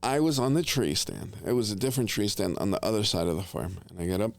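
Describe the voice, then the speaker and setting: A middle-aged man from New Jersey hosting a casual family chat, telling hunting stories in an animated way with gasps and laughter. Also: fairly low pitch, quick pace, gravelly. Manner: animated, laughing storyteller with gasps and whispered asides. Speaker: podcast host, father.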